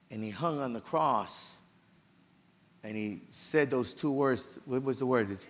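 Gravelly, animated middle-aged pastor. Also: male voice, medium pitch, long reverb tail. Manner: emotional, animated storytelling with loud outbursts. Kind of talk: storytelling sermon. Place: church.

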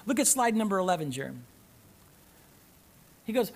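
Animated male pastor preaching. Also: fast, pauses often. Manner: animated preaching, repeats phrases, reads and paraphrases scripture aloud; swings from loud urgent emphasis to low, soft asides. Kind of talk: sermon. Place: church sanctuary.

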